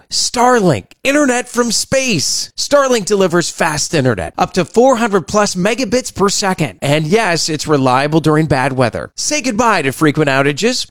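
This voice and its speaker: A man reads a radio spot with a lively, swinging pitch. The sound is dry and close to the mic, and the delivery is chatty and upbeat. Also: dry recording. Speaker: ad announcer. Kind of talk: read radio ad.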